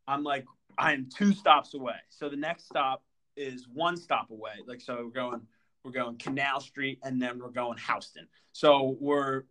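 Young male podcast co-host, higher voice, animated casual storyteller. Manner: animated, lots of fillers and stutters.

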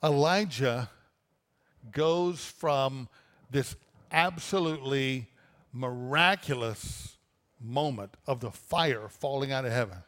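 A man's voice: medium pitch, slow pace, a bit bright, in a large hall. A man preaching a sermon, reading a scripture passage aloud and then explaining it with rhetorical questions. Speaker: pastor.

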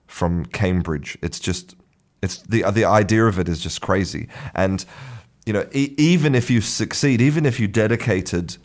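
A man teaching English in a relaxed, unscripted way, often restarting his sentences and chuckling. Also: sits low. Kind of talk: casual talking-head lesson.

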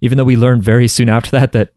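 A man's voice: medium pitch, flat delivery, racing, dark tone, no echo, clean studio sound. Rambling man chatting about anime. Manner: rambling, many fillers and restarts. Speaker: podcast co-host. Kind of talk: casual anime discussion.

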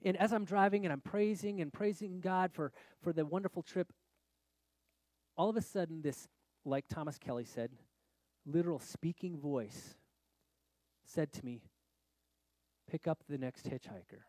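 A middle-aged man preaching a sermon as a pastor, telling a story in an animated way that swings between loud exclamations and quiet confession. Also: a little high, moderate pace, no echo.

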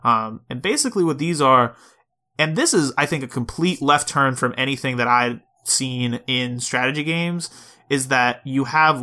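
A man co-hosting a podcast in loose, casual chat, with a bright, forward voice. He fills pauses with fillers and laughs easily. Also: mid-range voice. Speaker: podcast co-host.

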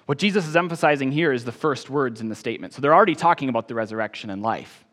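Emphatic preacher in a reverberant church. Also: male voice, mid-range voice, animated, racing. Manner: emphatic, swelling on key phrases then dropping soft. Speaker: pastor. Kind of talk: sermon.

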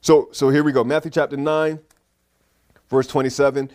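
A man's voice: a little high, flat delivery, normal speed, long pauses, darkish tone. A man preaching a livestreamed sermon, reading scripture aloud and breaking into exuberant whoops and laughter. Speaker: pastor.

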